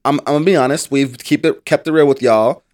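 A man's voice: medium pitch, fast, darkish tone. An American man co-hosting a sports podcast who chats casually and adds blunt, wry asides. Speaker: podcast co-host.

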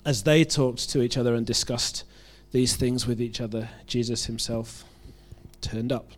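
A British man preaching a sermon to his congregation at a medium pitch. He keeps it chatty and self-deprecating, often stumbling and restarting phrases as he works through a passage. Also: steady tone, a little slow. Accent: British English. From United Kingdom.

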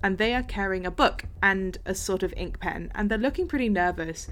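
A woman's voice: mid-range voice, fairly quick, few pauses, fairly bright tone, a little hiss or hum. Woman narrating as game master. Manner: playful, swears freely, voices characters.

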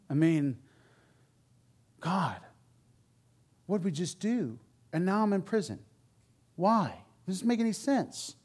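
Here the sermon comes slowly and expressively, with frequent pauses and a breathy edge. The preacher speaks candidly, like a conversation full of frank asides, alternating loud emphasis with hushed remarks.

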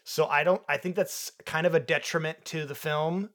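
A man's voice: a little high, fairly even intonation, moderate pace, a bit bright. A man co-hosting a film review podcast, chatting casually and joking with his co-host. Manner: joking, playful banter.

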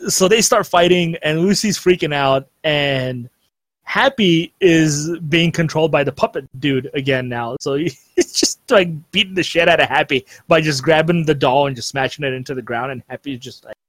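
A young man hosting a podcast chat, recapping episodes in a loose, rambling way and laughing often. His voice sits a little high for a man. The recording is close and dry with no room sound. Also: normal speed, fairly bright tone, dry recording. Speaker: podcast host. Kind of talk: casual anime recap chat.

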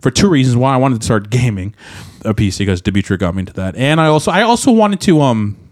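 A man's voice: mid-range voice, sing-song, fast talker, darkish tone, no echo. A young man with a mid-range voice talks candidly in a podcast chat. He rambles, restarts his sentences and leans on fillers. The sound is dry and close. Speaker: podcast co-host, musician.

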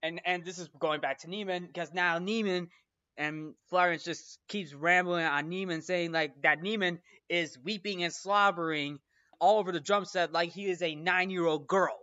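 A man's voice: high voice, fairly even intonation, normal speed, bright, forceful tone, clean tone, muffled recording. A man hosting a film review, recapping scenes casually with many restarts and repeated words.

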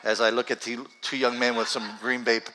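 A man preaching a sermon in a church, talking conversationally and slowing down deliberately for scripture readings. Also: medium pitch, level tone, pushed and bright, a little hiss or hum, poor audio. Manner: conversational, builds to urgent raised passages; reads scripture slowly and deliberately. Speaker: pastor. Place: church sanctuary with congregation.

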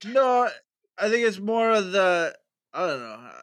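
Co-host, high lively voice, halting, laughs often. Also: male voice. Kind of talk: casual chat.

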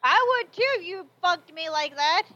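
A woman co-hosts a casual podcast and breaks in with blunt, crude comments. Her voice is very high. It comes through dull and lo-fi, with a dry, close sound. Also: lively intonation, moderate pace, pushed and bright, no room sound. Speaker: podcast co-host. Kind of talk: casual chat.

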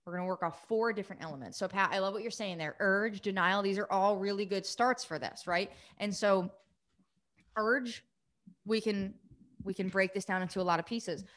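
A woman recovery coach hosting a live coaching session, talking quickly and eagerly, greeting viewers by name. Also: medium pitch. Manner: fast, excited, energetic delivery.

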